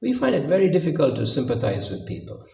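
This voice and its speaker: Male preacher, animated and joking, high voice, distant echoey hall sound. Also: quick pace, gravelly. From India. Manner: animated, acts out quotes, jokey asides. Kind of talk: sermon.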